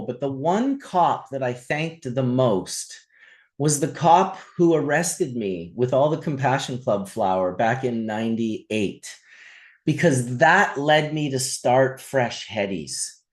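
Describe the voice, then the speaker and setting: A middle-aged man hosts a relaxed chat and spins long, animated anecdotes with plenty of swearing. His voice sits at an ordinary middle pitch. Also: slow pace. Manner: animated storyteller, swears freely. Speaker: podcast host. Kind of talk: casual storytelling chat.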